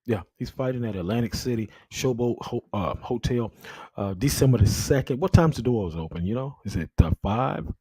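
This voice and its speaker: Lively husky-voiced male talk-show host. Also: mid-range voice, normal speed, no room sound. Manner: relaxed, repeats words while hunting for the question. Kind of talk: casual interview.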